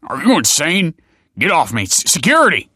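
A man puts on a stern middle-aged locksmith in a storybook reading. He is clipped and officious, with a low voice recorded close and dry. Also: level tone, moderate pace, fairly bright tone, dry recording. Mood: panicked.

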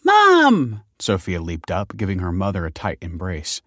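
Man, audiobook narration, very deep voice, dry close sound, steady measured reading. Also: dry recording. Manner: measured, even storytelling delivery. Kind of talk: scripted narration.

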